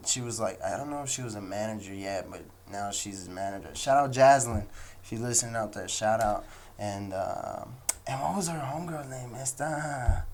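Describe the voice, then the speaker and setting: A man's voice: fairly low pitch, a little hiss or hum. Rambling young American man podcaster. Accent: American English. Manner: loose and rambling, acts out quoted people in raised voices. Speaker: podcast host. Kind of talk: casual solo podcast storytelling.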